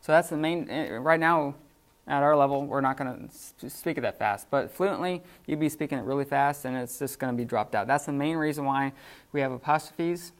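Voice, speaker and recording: Speaking a little fast in a medium-pitched voice, this man explains beginner Greek to a classroom off the cuff, his casual lecture peppered with fillers and false starts.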